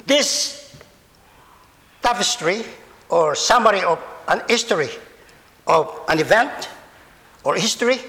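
A male pastor preaching a sermon slowly and deliberately, repeating words as he speaks to children and adults alike. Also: high-pitched, pushed and bright. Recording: long reverb of a large hall.

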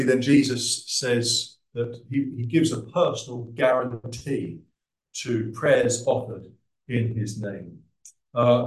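A man preaching a sermon, measured and emphatic, with frequent hesitant fillers. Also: mid-range voice. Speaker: visiting preacher. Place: church in central London. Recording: roomy, distant church recording.

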